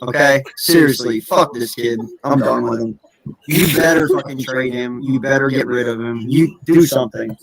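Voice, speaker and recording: A man's voice: mid-range voice, moderate pace, vocal fry, rough recording. A man in a heated, profane fan rant, furious and cursing, repeating himself over and over. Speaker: podcast co-host.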